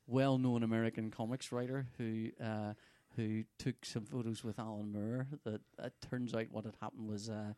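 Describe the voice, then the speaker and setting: A man, telling travel stories in casual podcast chat, animated and sweary. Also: on the low side, moderate pace, clear, resonant tone, no echo. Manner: sweary, animated storyteller, laughs often. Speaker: podcast co-host.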